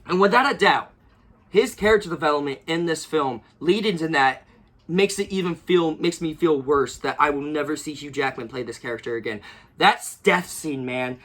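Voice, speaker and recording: A man's voice: on the high side, fairly bright tone. A young man giving a casual, rambling movie review, gushing and repeating himself with many fillers.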